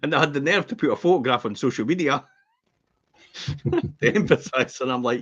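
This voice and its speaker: Scottish male podcast host, opinionated and animated, husky, dull lo-fi sound. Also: mid-range voice, a little fast, no room sound. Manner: opinionated, animated, laughs while ranting. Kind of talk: casual podcast chat.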